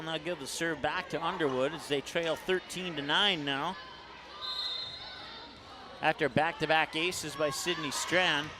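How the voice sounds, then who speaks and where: Announcer: high-pitched Upper Midwest American man, play-by-play for school volleyball, shouts the big points, noisy gym feed. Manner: rapid calls that rise to shouts on big plays.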